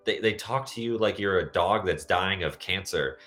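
A young man from the United States, hosting a casual podcast chat, rambling through tangents with deadpan jokes. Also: sits low, moderate pace, faint music behind. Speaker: podcast host.

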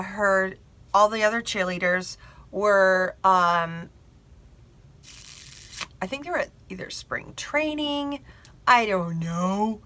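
A woman chattily telling a personal story to camera, animated and confiding, a bridal seamstress. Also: medium pitch, no room sound.

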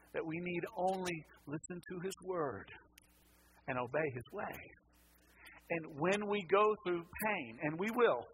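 Male pastor preaching, higher voice. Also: slight background noise, poor audio. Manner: repeats words, acts out voices, swings between loud and hushed. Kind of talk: sermon.

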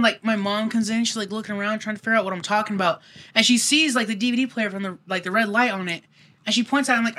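Bright-voiced young man telling stories. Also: high voice, fast talker. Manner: rambling, profane, animated retelling. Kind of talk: casual storytelling chat.

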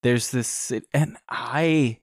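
Animated man griping about a game. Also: medium pitch, very slow, no echo, clean studio sound. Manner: animated, mocks dialogue in put-on voices. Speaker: game podcast co-host. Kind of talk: casual game review chat.

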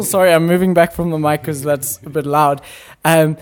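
A man's voice: a little high, fairly even intonation, moderate pace, hardly any pauses. A man hosting a podcast interview, asking long, thoughtful questions and affirming his guest. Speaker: podcast host. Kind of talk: casual interview chat.

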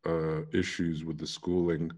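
A man's voice: rumbling low, little pitch movement, a little slow, a little mellow. A man hosting a podcast, joking around while thanking and wrapping up with his guest. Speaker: podcast host. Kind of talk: casual chat.

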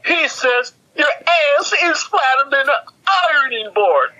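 A man doing a brash, crude caller from Hoboken who talks loud and squeaky. The voice is bright and high, and it sits a bit off from the mic. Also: expressive, measured pace, exaggerated voice, rough recording.

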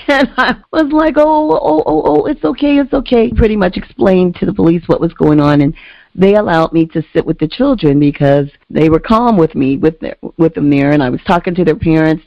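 Animated woman storyteller, dull dry sound. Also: no echo. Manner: animated, acts out quoted voices with big pitch jumps. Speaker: podcast guest or host telling a story. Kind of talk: casual storytelling.

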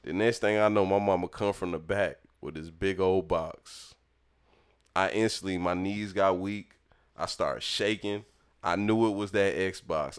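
A young man telling a lively childhood story in casual chat, acting out the people in it. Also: low voice, unhurried, clear, resonant tone. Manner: animated, acts out voices in his story. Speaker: storyteller talking with his mother.

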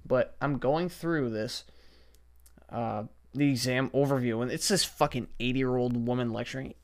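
A young man with a mid-pitched voice hosts a casual solo podcast from his basement. He rambles and swears freely, sounding exasperated as he vents into his podcast microphone. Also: normal speed. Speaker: podcast host. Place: basement at home. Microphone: podcast setup microphone.

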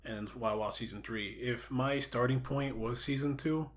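A man in a casual podcast chat, telling things in an animated way, full of swearing and "like" fillers. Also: mid-range voice, normal speed, a little hiss or hum. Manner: animated, profane, filler-heavy storytelling. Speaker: podcast co-host.

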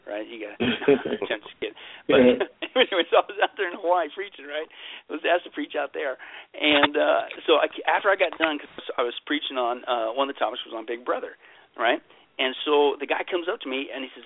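A man's voice: a little high, animated, brisk, no echo, narrow, tinny audio. A pastor being interviewed as a guest, telling stories in an emphatic, joking way and repeating his punchlines. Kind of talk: animated interview storytelling.

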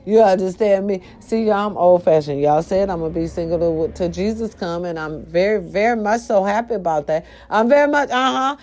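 An older grandmother in a casual vlog, giving animated, profane advice to her viewers and calling them y'all. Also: medium pitch, fairly quick, few pauses. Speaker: vlogger. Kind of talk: casual straight-to-camera talk.

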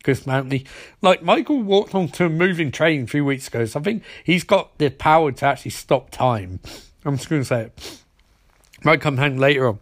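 A man's voice: a little high, animated, a little fast. A man casually recapping a TV episode, making wry, mocking asides and briefly mimicking the characters as he goes.

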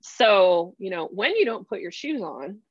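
Speaking a little slowly in a medium-pitched voice, a woman career strategy coach is interviewed as a podcast guest. She's chatty and animated, acting out quoted scenes as she explains things. The recording is dry and lo-fi.

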